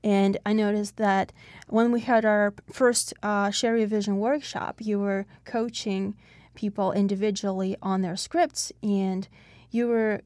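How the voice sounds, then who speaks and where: A woman's voice: medium pitch, little pitch movement, a little slow, a little mellow, no echo. A woman co-host recounting her acting school habits with enthusiasm in a casual interview. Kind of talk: conversational podcast chat.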